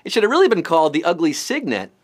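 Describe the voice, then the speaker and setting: A man's voice: a little high, huge pitch swings, fast, husky. A man hosting a live trivia game, rattling off questions with puns, jokes and sudden silly voices. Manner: punning, jokey, bouncy delivery with sudden silly voices. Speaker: quiz show host.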